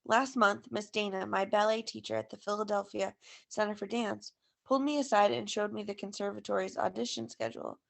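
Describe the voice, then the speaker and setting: A woman teacher reading a first-person novel aloud to a class in a steady storytelling way. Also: mid-range voice, brisk, gravelly.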